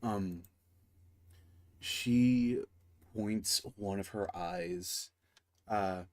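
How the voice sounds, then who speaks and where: Slow, halting male dungeon master. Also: deep voice. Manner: halting, slow, many fillers and restarts. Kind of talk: tabletop game narration over voice chat.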